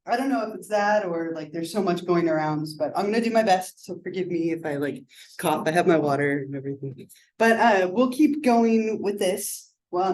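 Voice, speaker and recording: A woman's voice: lowish voice, a little hiss or hum, rough recording. Chatty woman lecturing with a sore voice. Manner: chatty, animated, peppers talk with "like" and "right?". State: sore, strained voice. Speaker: psychology instructor. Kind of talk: classroom lecture. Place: college classroom.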